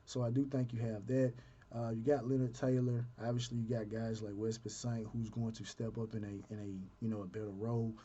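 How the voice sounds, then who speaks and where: Mellow husky man, casual sports talk. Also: mid-range voice, little pitch movement, a little fast. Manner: conversational, thinks aloud with fillers and restarts. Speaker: sports fan commentator. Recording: dull lo-fi sound.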